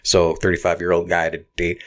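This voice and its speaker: Low-voiced man ranting in casual chat. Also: a little fast. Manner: profane, animated retelling with many restarts.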